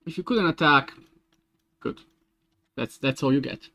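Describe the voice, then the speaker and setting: A man streaming game development, thinking aloud in a casual, halting way as he works through code. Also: on the high side, pushed and bright. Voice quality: muttering to himself, halting restarts.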